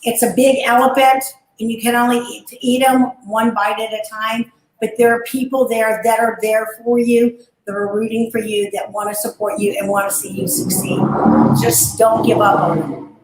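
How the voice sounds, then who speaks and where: An upbeat woman speaks as a guest on a live video call and gives motivational advice. Her voice sits fairly high. The room around her is noticeably echoey. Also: lively intonation, moderate pace, slight background noise. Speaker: brand founder guest. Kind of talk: live online talk.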